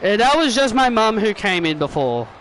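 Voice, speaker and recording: A young man giving excitable fan play-by-play commentary over a wrestling video game at home. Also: high voice, moderate pace, slight background noise. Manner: excitable fan commentary, often calling out the action. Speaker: gaming YouTuber.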